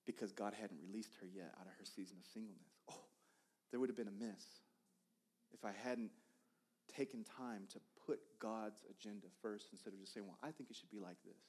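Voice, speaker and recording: A male preacher in his thirties telling a personal testimony from the pulpit. He talks in a loose, conversational way, repeating words and restarting sentences, and swings between loud, animated bursts and quiet, hushed asides. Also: lowish voice, a little fast.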